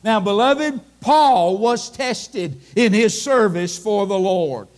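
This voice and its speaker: A man's voice: sits high, lively intonation, slow. An older man preaching a sermon in church, folksy and emphatic, stretching out his key words. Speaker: pastor.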